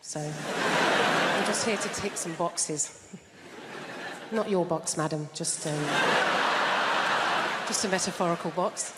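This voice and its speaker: A woman's voice: on the low side, slow pace, pauses often. A woman from England doing stand-up comedy with a dry, self-deprecating delivery, on a large theatre stage in front of an audience. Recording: live theatre sound with hall reverb and crowd noise.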